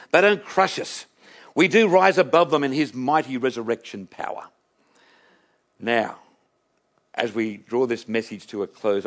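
A man preaching a sermon to his congregation, emphatic and full of rhetorical questions and repetition. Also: a little high. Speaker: minister preaching an Easter sermon.

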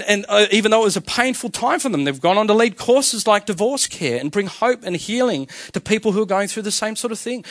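A man's voice: sits high, fairly bright tone, dry recording, studio quality. A male pastor preaching a sermon to his congregation, emphatic and full of rhetorical questions. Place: church.

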